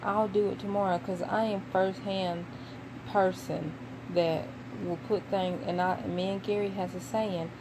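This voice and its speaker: A young woman with a Southern US accent from Tennessee, chatting casually and emphatically on a vlog, with fillers and pauses. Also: on the low side, level tone. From Knoxville, Tennessee, USA. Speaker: vlogger. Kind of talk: casual chat. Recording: home recording with clear background noise.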